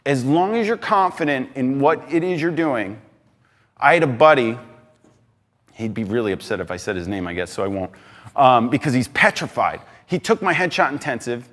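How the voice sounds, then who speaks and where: A man giving an energetic talk on stage, emphatic and excitable, swinging between loud bursts and quieter asides. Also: medium pitch, moderate pace. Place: large hall on stage. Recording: reverberant hall.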